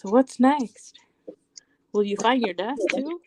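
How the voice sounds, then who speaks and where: A woman's voice: fairly high pitch, slow pace, a little mellow. A woman co-hosting a casual chat, playful and teasing.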